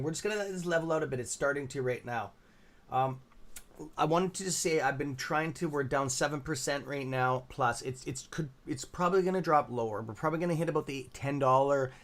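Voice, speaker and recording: A man's voice: medium pitch, fairly bright tone. A tired man with a Canadian accent hosting a live stock-trading stream, rambling with many fillers as he reads out chat names. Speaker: livestream stock trading host. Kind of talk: casual live-stream commentary.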